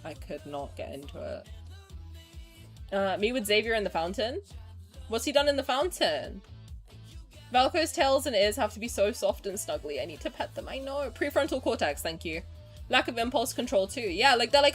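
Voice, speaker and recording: A woman in her twenties chatting casually on a stream, answering chat in an animated way, swearing freely and swinging between low mumbles and loud outbursts. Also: moderate pace, breathy edge, faint music behind. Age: 20s.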